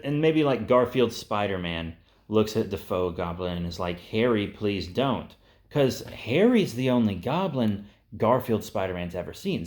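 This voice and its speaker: A young man with a fairly low voice talks casually, wandering through his ideas. He curses freely and leans on fillers like "uh" and "like" as he goes. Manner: rambling, profane, with frequent fillers. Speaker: host. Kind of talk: casual pitching of movie ideas.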